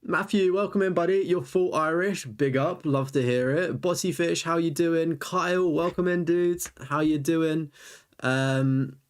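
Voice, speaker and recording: A man's voice: a little high, measured pace, clean tone. A young man chatting casually on a live stream, rambling as he reviews viewers' lists and answers chat.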